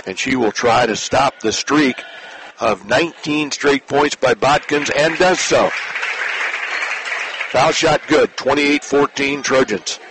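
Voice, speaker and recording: A man announcing a high school basketball game play by play, in brisk clipped calls that rise when a shot scores. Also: a crowd in the background. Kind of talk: basketball radio commentary. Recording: noisy online radio broadcast.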